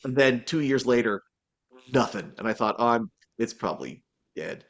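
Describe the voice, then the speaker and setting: A man's voice: mid-range voice, normal speed, creaky. Rambling man voice actor chatting. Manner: rambling, many restarts and fillers, animated quotes. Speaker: voice actor guest. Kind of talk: casual interview chat.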